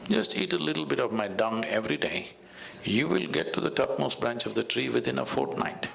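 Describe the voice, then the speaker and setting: A man with an Indian English accent voicing a smug, nonchalant old bull in a spoken fable, deep and unhurried. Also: expressive, creaky, fairly bright tone, a little hiss or hum.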